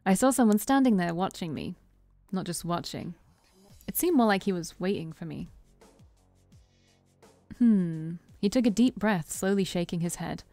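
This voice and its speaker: A woman streamer reading a visual novel aloud in an expressive voice, stopping for chatty, self-deprecating asides. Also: lowish voice, normal speed, long pauses, dry recording, faint music behind. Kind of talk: reading game text aloud with casual asides.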